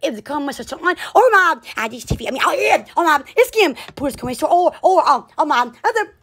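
Giggly high-voiced woman on a live stream. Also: big pitch swings, a little fast, a bit bright. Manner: giggly, exclaiming, rambling. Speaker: store owner hosting a live stream. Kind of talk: casual live-stream chat. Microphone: phone.

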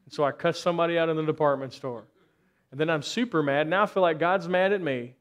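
A man delivers a sermon in a church, his voice sitting a little higher than most men's. He presses the congregation with repeated rhetorical questions and swells into sudden surges of force before dropping back down. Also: fast talker, highs cut off. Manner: rhetorical questions, rising intensity in bursts. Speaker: pastor.

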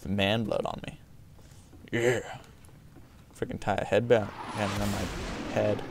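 A man doing casual let's-play commentary, excitable and full of yelps and exclamations. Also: fairly low pitch, takes it slowly, gravelly, a little hiss or hum. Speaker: gameplay commentator.

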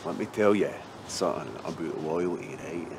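An actor playing a crude, swaggering male debt-collecting gangster who talks in slow, menacing pauses. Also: sits low, vocal fry, background noise.

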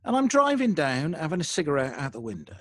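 English guy spinning a spooky yarn, voice bouncing all over, fairly high, dry sound. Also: fast, no room sound. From England. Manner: animated, self-deprecating storyteller. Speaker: podcaster guest. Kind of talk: casual storytelling interview.

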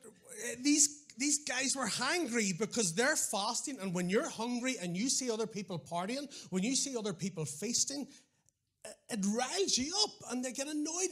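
Northern Irish man, middle-aged preacher, high-pitched voice, animated storytelling, wry asides, frequent restarts. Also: normal speed. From Northern Ireland. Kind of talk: sermon.

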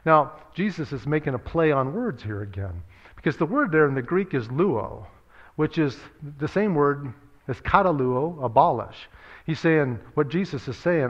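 A man's voice: on the high side, animated, moderate pace. Earnest male pastor, lo-fi sound. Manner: earnest, repeats words while thinking, many fillers. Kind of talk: sermon.

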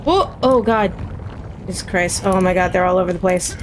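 A woman giving let's play commentary on a horror game, excitable and yelling mock exorcisms at the monsters. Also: on the low side, moderate pace, slight background noise. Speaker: gaming commentator.

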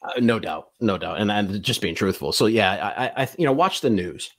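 A man's voice: on the low side, animated, moderate pace. A man in his forties, a voice actor guest, talking in a laid-back, blunt, joking way. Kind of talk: casual interview chat.

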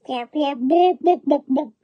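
A man's voice: very high voice, measured pace, dry recording, lo-fi sound, voice pushed up. A man voicing a clucking black hen in a storybook reading. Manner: squawking clucks.

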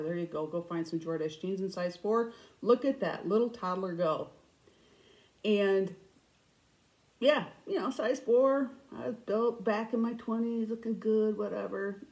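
A middle-aged woman hosting a cross-stitch vlog, chatting casually and telling stories with animated, self-mocking humor. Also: mid-range voice, measured pace, poor audio. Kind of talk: casual storytelling chat.

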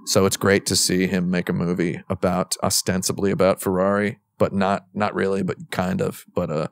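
A man's voice: low voice, little pitch movement, normal speed, creaky, dry recording, studio quality. A man chatting casually on a podcast, rambling enthusiastically with plenty of fillers, restarts and self-deprecating jokes. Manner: jokey, self-deprecating asides. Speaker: podcast panelist. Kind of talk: casual chat.

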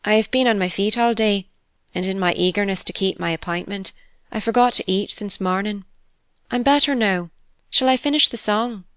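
A woman voicing a meek, frail young governess with a composed, quietly penetrating manner. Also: mid-range voice, steady tone, moderate pace, clear, resonant tone, dry recording, lightly acted. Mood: pathetic.

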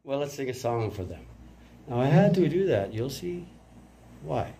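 A man's voice: medium pitch, very animated, normal speed, vocal fry, warm tone, slight background noise. A man rambling in a casual monologue as a self-styled father of all creation, erratic and profane with sudden outbursts.

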